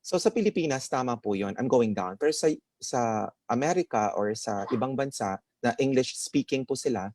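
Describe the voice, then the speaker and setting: A man's voice: mid-range voice, a little mellow, no echo. A man with a Filipino accent giving a webinar lecture. He mixes English and Tagalog, adds "okay?" and "no?" checks, and acts out stress and intonation examples. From Philippines. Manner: demonstrates stress and intonation aloud. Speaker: webinar speaker.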